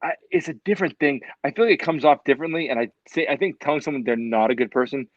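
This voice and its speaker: A man co-hosting a podcast in casual chat, rambling and halting, swearing casually. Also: medium pitch, no echo, highs cut off. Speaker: podcast co-host.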